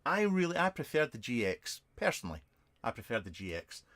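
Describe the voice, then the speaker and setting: A man's voice: medium pitch, big pitch swings, fairly quick, fairly bright tone. A British man over fifty, hosting a casual live vlog from his shed, answering viewer questions in a rambling, sarcastic, self-mocking way with plenty of fillers. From Britain. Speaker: vape reviewer and channel host. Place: home shed. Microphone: webcam.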